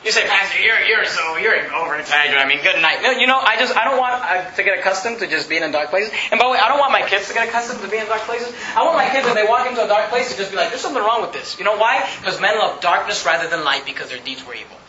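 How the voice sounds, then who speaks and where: A man's voice: sits high, racing, few pauses, sharp tone. A pastor preaching a sermon emphatically, mocking his listeners with put-on quotes. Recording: roomy, slightly dull recording.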